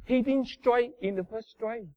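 High-voiced preacher man, emphatic, lo-fi. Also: measured pace, no echo. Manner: emphatic, swinging between loud bursts and low murmurs; non-native English grammar. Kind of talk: sermon. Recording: dull lo-fi sound.

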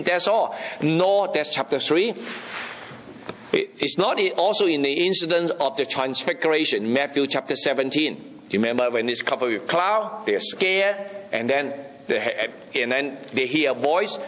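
Male preacher, emphatic and repetitive, bright tense tone, slightly muffled recording. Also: fairly high pitch, animated, normal speed. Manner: emphatic, repetitive, often asks the listeners "you understand?". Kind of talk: Bible teaching sermon.

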